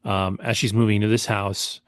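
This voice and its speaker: A man's voice: on the low side, little pitch movement, a little fast, no echo, studio quality. Rambling man reviewing a movie. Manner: rambling, many fillers and restarts. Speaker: podcast co-host. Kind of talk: casual movie review chat.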